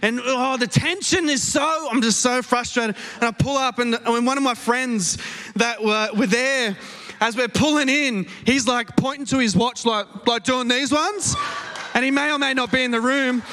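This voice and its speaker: A man with an Australian accent preaching a sermon, telling a story in an animated, self-mocking way on a stage microphone in a church auditorium. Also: very high-pitched, moderate pace. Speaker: pastor. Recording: long hall reverb.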